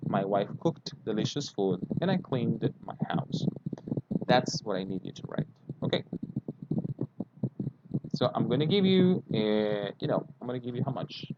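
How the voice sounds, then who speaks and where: A man's voice: mid-range voice, animated, a little slow, long pauses. A man teaching an online English lesson, patiently repeating words for pronunciation and checking understanding. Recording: dull lo-fi with clear background noise.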